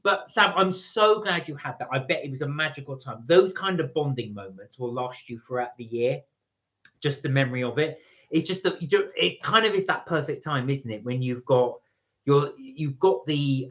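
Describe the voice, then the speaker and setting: A man's voice: medium pitch, muffled recording. A man hosting a live stream, chatting casually and rambling as he tastes snacks and reads out viewer comments. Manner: chatty, rambling, reads chat messages aloud.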